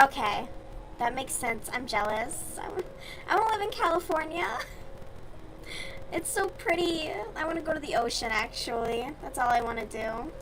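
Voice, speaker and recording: A woman's voice: high voice, sharp tone, slight background noise, poor audio. A young woman from the US South chatting casually and bluntly with her stream viewers while she crochets, with plenty of swearing.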